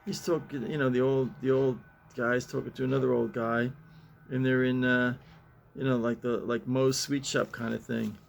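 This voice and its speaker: A man's voice: mid-range voice, level tone, normal speed, vocal fry, a little hiss or hum. A man hosting a casual talk, reading newspaper comics aloud, chuckling often and rambling with fillers. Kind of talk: casual chat.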